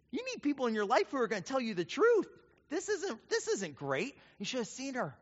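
A man's voice: very high-pitched, brisk. A man preaching a sermon as pastor, telling stories and acting out the voices of the people in them. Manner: storytelling, animated, acts out quoted voices. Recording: dull sound with long hall reverb.

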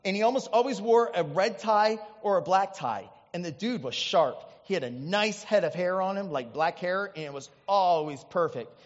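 A high-voiced male pastor from Indiana in the US Midwest delivers a storytelling sermon in a chatty, animated way, full of asides. He talks at a normal speed with hardly any pauses. The dull recording carries a long church-hall reverb.

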